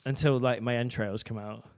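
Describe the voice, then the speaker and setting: A man's voice: mid-range voice, steady tone, normal speed, darkish tone, no echo, clean studio sound. A man co-hosting a casual comedy podcast, swearing freely and acting out what other people say. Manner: sweary, acts out quoted voices. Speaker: podcast co-host.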